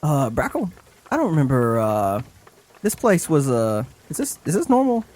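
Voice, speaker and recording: A man's voice: fairly high pitch, normal speed. A man playing a tabletop game, chatting casually and playfully. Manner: playful, animated. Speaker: player.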